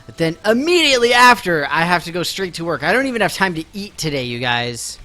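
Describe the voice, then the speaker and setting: A young male game streamer chats casually with his viewers while playing live, poking fun at himself and his busy day. His voice sits high and sing-song, a little fast, with a sharp tone. Game music plays faintly in the background.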